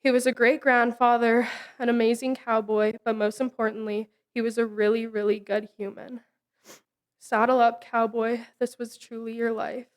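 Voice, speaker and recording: A young woman reading a memorial tribute to her grandfather in a solemn, measured way. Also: a little high, smooth. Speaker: grandchild giving a eulogy.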